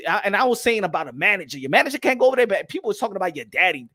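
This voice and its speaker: A young American man ranting in loud, slangy boxing commentary, mocking and repeating himself. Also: high-pitched, very animated, very fast. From United States.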